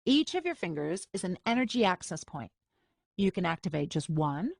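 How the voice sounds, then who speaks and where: A woman's voice: lowish voice, sing-song, moderate pace, creaky, no echo, clean studio sound, exaggerated voice. A woman voicing a confident young female mentor who teaches magic with bossy, teasing remarks. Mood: instructive.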